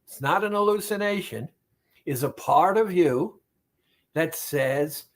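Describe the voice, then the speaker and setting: A man, a therapist, speaking directly to the listener about weight loss in a deliberate, repetitive, emphatic monologue. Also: on the high side, expressive.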